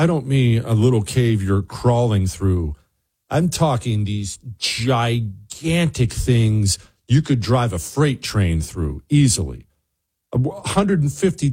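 A man hosting a radio show, telling a funny story to his co-host in a lively, joking way. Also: mid-range voice, husky. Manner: lively, joking storyteller who mimics other people's voices. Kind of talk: casual on-air storytelling to a co-host.

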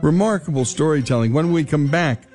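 A man's voice: on the high side, fairly quick, a little mellow, faint music behind. A male radio show host giving enthusiastic, emphatic broadcast commentary.

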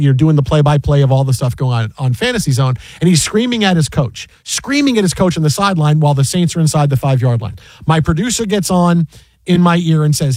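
A man telling a work story in casual chat, animated and exasperated, with many restarts. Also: a little high, dry recording.

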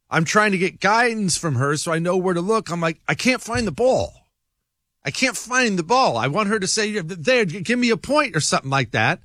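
A man hosting a talk radio show, telling an exasperated story and leaping up in pitch to stress his points. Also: bright, forceful tone, no room sound, clean studio sound. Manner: exasperated storytelling, jumps to high pitch for emphasis. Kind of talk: animated talk radio monologue.

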